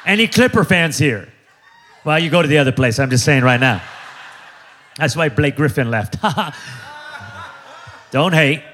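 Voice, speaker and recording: A man in his forties preaching an energetic sermon, joking with the crowd and driving points home with call-and-response repetition. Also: on the high side, measured pace, pauses often, faint music behind. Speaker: pastor.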